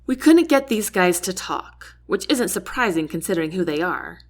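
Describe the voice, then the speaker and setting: A woman's voice: on the low side, expressive, moderate pace. A woman voicing a blunt, sarcastic young woman soldier who talks in a brusque, matter-of-fact way.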